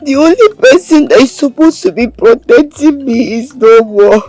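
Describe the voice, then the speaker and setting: An actress playing a mistreated young orphan maid, with a Nigerian accent, speaking tearfully and pleading. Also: female voice, high voice, animated, moderate pace, a little mellow, no room sound, soft background music. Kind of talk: Nollywood film acting.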